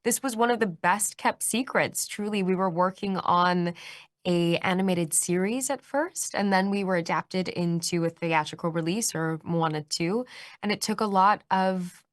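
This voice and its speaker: A woman in her twenties giving a press interview, bubbly and animated, laughing often. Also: lowish voice, normal speed, no echo, clean studio sound. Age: 20s. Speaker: actress being interviewed.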